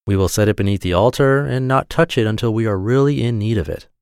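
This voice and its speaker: A man's voice: lowish voice, animated, fast, vocal fry, darkish tone, smooth, dry recording, studio quality. A man voicing a sly, greedy female cat in a fairy tale, talking in a coaxing, cool way. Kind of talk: storybook reading.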